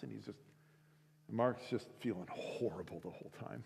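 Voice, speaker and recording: A man's voice: medium pitch, normal speed, gravelly, darkish tone. A man telling a story in a casual, conversational way, full of fillers, as a speaker at a school week of prayer. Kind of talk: sermon storytelling. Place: school chapel or auditorium. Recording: echoey hall.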